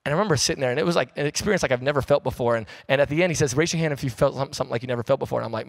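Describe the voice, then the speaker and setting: A man in his thirties preaching a sermon as pastor, telling stories in a casual, animated way with slang. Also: mid-range voice, rapid-fire, vocal fry, hardly any pauses. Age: 30s.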